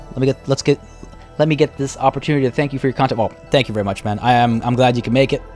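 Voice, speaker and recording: Male streamer, mid pitch, talks through his moves to chat, voice worn from hours live, light music under. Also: steady tone, rapid-fire, darkish tone. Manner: thinks aloud, chatty with viewers. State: losing his voice. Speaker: game streamer. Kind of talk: live gameplay commentary.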